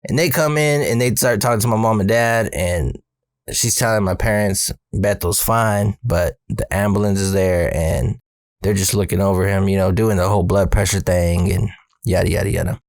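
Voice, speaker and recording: A man's voice: sits low, moderate pace, a little mellow, dry recording, clean studio sound. A man casually telling a personal story, slangy and profane.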